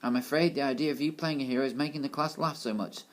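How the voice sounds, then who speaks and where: A man's voice: mid-range voice, steady tone, quick pace, voice pushed up, close to an everyday voice. A man voicing an exasperated, theatrical male schoolteacher in a storybook reading. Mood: stern. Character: fussy excitable male schoolteacher.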